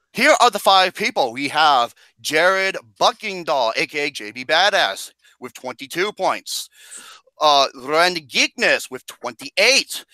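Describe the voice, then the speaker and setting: A man hosting a movie podcast, talking loudly in crude, excitable, joking banter. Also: on the high side, no room sound, poor audio. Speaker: podcast host. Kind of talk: casual chat.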